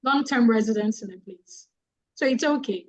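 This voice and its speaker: A woman's voice: fairly high pitch, moderate pace, poor audio. A woman giving a public speaking talk on an online call, speaking earnestly and repeating key phrases for emphasis. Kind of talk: guest talk on a webinar.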